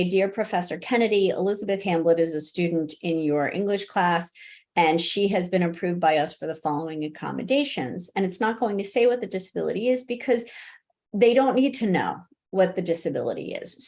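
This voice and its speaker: A woman's voice: lowish voice, brisk, a little mellow. A middle-aged woman answering interview questions as a college disability services expert, talking conversationally with many restarts and fillers and laughing easily.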